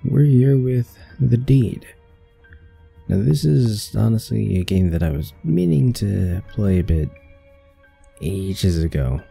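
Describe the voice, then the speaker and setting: A man's voice: fairly low pitch, animated, slow, creaky, warm tone, husky, faint music behind. A man hosting a let's play of a game, talking in a casual, self-deprecating way as he starts it up. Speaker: gaming channel host.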